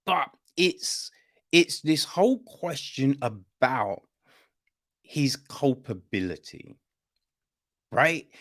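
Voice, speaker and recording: Podcast guy chatting about a play, slow and easygoing, voice bouncing up and down, lots of "right?". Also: medium pitch, sing-song, a bit bright. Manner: conversational, keeps asking "right?" and "you know?"; apologizes to listeners after a coughing fit. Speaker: podcast host reviewing a play. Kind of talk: casual spoken review.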